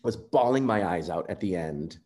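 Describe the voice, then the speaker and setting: A man being interviewed, telling a personal story in an earnest, animated way and acting out quoted remarks. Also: low-pitched, moderate pace. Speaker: composer guest.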